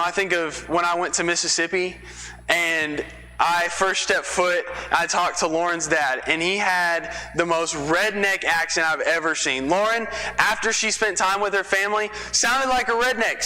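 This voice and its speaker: High, bright-voiced preacher man. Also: a little hiss or hum. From Texas. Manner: conversational storytelling, folksy asides. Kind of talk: sermon. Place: church sanctuary. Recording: long reverb of a church hall.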